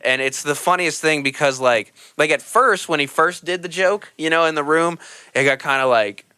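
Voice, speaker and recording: Animated, bright-voiced male podcast host. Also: fairly high pitch, normal speed, smooth, dry recording. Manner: animated storyteller, acts out quotes, laughs often. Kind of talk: casual chat.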